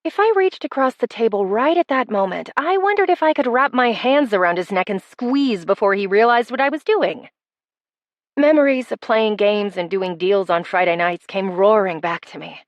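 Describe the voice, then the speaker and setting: A woman narrating a first-person romance audiobook with wry, expressive delivery. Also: medium pitch, moderate pace, no room sound.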